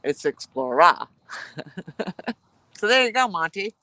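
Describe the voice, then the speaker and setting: A woman's voice: lowish voice, animated, unhurried, a bit bright, no room sound, poor audio. A woman hosting her channel, telling long, wandering stories with laughs while sitting outdoors by a campfire at night, on a headset mic. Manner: rambling, laughing storyteller. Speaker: channel host. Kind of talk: casual campfire chat.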